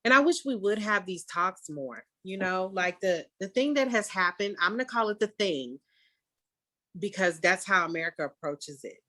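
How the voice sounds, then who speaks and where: A woman artist hosting a casual conversation, talking candidly and emphatically and often breaking into animated quoted outbursts. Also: mid-range voice, normal speed, no room sound. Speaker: artist and podcast host.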